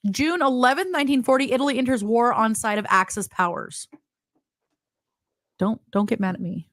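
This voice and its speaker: A woman's voice: fairly high pitch, moderate pace, dry recording. A woman co-hosting a podcast, reading a wartime timeline aloud in casual chat and laughing at herself between dates. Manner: reads dates aloud, laughs often, self-teasing. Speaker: podcast co-host.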